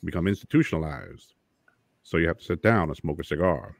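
A man's voice: low-pitched, a little fast, creaky, no room sound. A man co-hosting a radio talk show, chatting casually with dry jokes. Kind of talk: casual chat.

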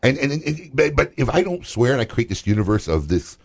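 A man's voice: mid-range voice, sing-song, brisk, gravelly, breathy edge. A male radio talk show host telling a story in casual banter, often tagging lines with "right?".

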